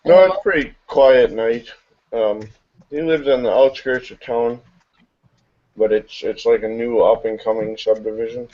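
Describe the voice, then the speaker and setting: A man narrating a tabletop game as game master, in a relaxed, halting way. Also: mid-range voice. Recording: dull lo-fi recording.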